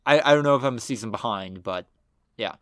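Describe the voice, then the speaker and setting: A man's voice: medium pitch, a little fast, clean tone, dry recording, studio quality. A man co-hosting a podcast in casual chat, pedantic and swearing casually. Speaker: podcast co-host.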